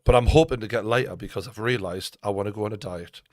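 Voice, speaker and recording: A man with a Geordie accent co-hosting a live football watchalong, chatty and opinionated, shouting at the big moments. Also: lowish voice, fast talker, no echo, clean studio sound. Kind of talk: casual live match commentary.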